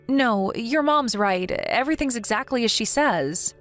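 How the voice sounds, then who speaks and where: A woman's voice: fairly high pitch, animated, unhurried, fairly bright tone, faint music behind, voice pushed up. Woman doing a timid young wife, meek and sorry, text story read-out. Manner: meek and apologetic. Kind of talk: text-message story reading.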